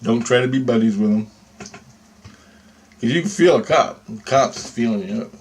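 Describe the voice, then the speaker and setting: A man's voice: mid-range voice, moderate pace, slight background noise. A man telling a story in a rambling, agitated spoken monologue, swearing often and checking in with "right?". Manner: profane, agitated, conversational with repeated "right?". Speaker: vlogger recounting a dream.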